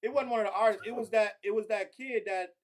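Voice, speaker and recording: A man hosting a hip hop debate podcast, talking quickly and building his case with long lists of names. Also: high voice, steady tone. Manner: talks fast and builds his argument with many names.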